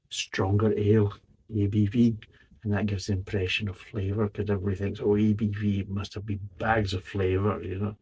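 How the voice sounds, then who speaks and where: A man's voice: on the low side, a little mellow, breathy edge. A man, hosting a casual beer review and talking bluntly, swearing and rambling as he goes.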